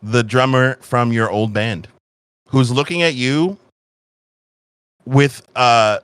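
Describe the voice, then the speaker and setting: A man narrating a tabletop game in a loose, casual way, swearing freely. He talks slowly, and his bright voice sounds close and dry. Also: medium pitch, clear, resonant tone, dry recording. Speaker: game master.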